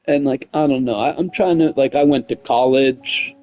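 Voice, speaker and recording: A man's voice: medium pitch, normal speed, soft background music. A man chatting casually on a gaming livestream, rambling with lots of "like" and "you know what I mean", and getting heated as he tells a story. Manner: gets heated and loud when retelling conflicts.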